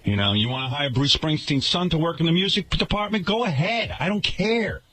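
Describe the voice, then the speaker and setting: This talk-radio rant comes from a male host in the studio, expressive and brisk with a pushed, bright voice. Indignant and sarcastic, his pitch swings as he lambastes the management at his workplace.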